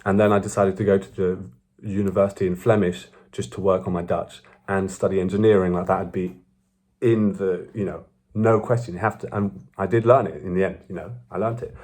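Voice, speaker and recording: A man's voice: lowish voice, fairly quick. Rambling young man. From Belgium. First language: French. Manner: rambling, self-correcting, animated. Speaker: vlogger. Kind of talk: casual storytelling.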